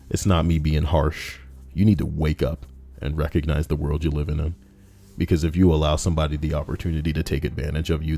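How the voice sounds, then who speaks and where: Deep, brash, profane story reader. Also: male voice, creaky, warm tone. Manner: brash, mocking, profane rants between read passages. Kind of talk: reading stories aloud with crude commentary.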